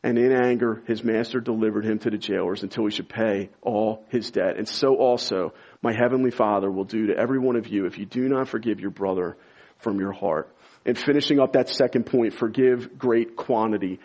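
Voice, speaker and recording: A man preaching a sermon as pastor, explaining scripture and rising to loud, high-pitched emphasis when stirred. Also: fairly quick, highs cut off.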